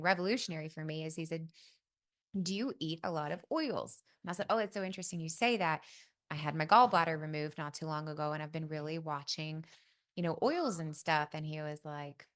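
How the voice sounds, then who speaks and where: A woman's voice: low-pitched, fairly bright tone. A middle-aged woman hosting a podcast, telling a personal story in a casual, folksy way and often saying "y'all". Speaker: podcast host.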